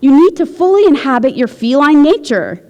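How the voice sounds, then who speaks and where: A woman's voice: high voice, very animated, normal speed, dark tone, long reverb tail, muffled recording, voice pushed up. A woman reading aloud as a bossy female workshop leader who preaches and commands. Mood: commanding.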